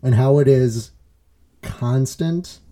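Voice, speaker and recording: A man's voice: medium pitch, slow, mellow. A man co-hosting a casual faith podcast, rambling with fillers and restarts and laughing easily. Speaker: podcast co-host. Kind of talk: casual chat.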